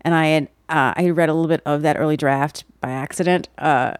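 Lady cohost w a low voice, chatty, dry close mic. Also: brisk, clean tone, no room sound. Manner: chatty, trails off and restarts, animated when recounting. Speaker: podcast co-host. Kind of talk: casual chat.

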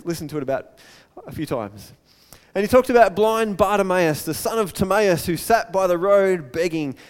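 High-voiced pastor preaching. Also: male voice. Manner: animated storytelling, acts out crowd voices. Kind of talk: sermon. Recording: long hall reverb.

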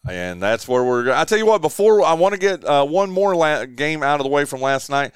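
Smooth-voiced male sports radio host. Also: on the high side, very animated, brisk, no room sound, clean studio sound. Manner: rambling, lots of fillers and restarts. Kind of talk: casual sports radio chat.

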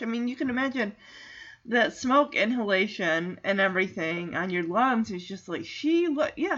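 Bright, animated woman recapping a film. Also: a little high, highs cut off. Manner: excitable, animated storytelling. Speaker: movie recap host. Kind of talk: casual movie recap.

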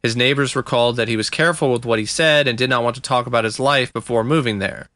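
A man's voice: medium pitch, fast, sharp tone, dry recording. A man co-hosting a casual true-crime podcast, recounting a case in a laid-back way with fillers and chuckles. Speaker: podcast co-host.

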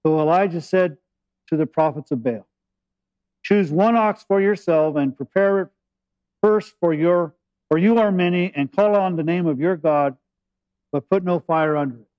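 A man preaching a sermon with a high voice, retelling a scripture story in a lively, joking way. The sound is dry and a little muffled. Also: normal speed, pauses often, dry recording. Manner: animated storytelling preacher, paraphrasing scripture with humor. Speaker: pastor.

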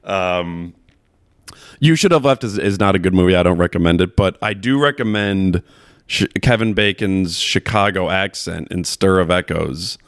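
A man with a very low, gravelly voice talks at normal speed, rambling through a casual conversation about movies. He laughs often and swears freely, and the recording sounds dry and close.

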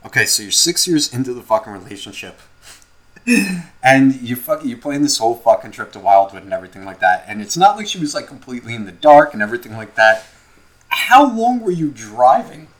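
A man's voice: medium pitch, sing-song, a little fast. A man, a podcast co-host, asking incredulous, profane questions in casual chat.

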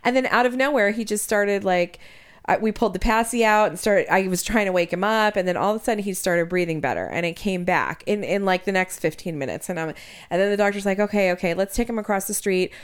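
A woman in her thirties tells a story on a podcast in easy, casual chat. Her voice sits at an ordinary middle pitch. She slips into short impressions of the people she quotes. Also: fast. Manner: animated storytelling, quotes others. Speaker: podcast co-host.

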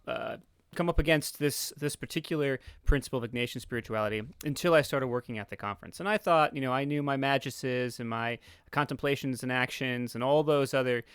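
A man's voice: medium pitch, brisk, fairly bright tone, smooth, dry recording. Earnest man with a Philly accent. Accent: Philadelphia. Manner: earnest, many stammered repeats and fillers. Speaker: podcast guest. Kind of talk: explaining in casual conversation.

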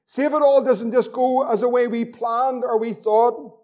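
A man's voice: very high voice, steady tone, normal speed, a little mellow. A man preaching a fervent sermon as pastor, repeating phrases and reading scripture aloud.

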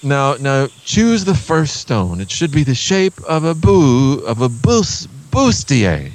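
A man's voice: mid-range voice, huge pitch swings, slow pace, a little mellow. A man playing a rambling father teaching his son to camp in an improvised comedy scene, chuckling and drifting into absurd tangents. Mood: earnest. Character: rambling middle-aged father teaching camping.

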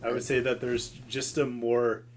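A man's voice: medium pitch, completely flat delivery, normal speed, background noise. A young man co-hosting a podcast, telling stories in a laid-back way with lots of fillers. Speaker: podcast co-host. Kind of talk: casual chat.

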